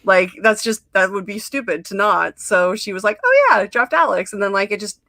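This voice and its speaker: A young woman hosts a casual chat, talking in a bright, forward voice. She rambles warmly through stories with plenty of fillers and acted-out quotes. The sound is close and dry, with no room around her. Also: mid-range voice, steady tone, brisk, no echo. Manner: chatty, many fillers and quoted asides. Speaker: podcast host.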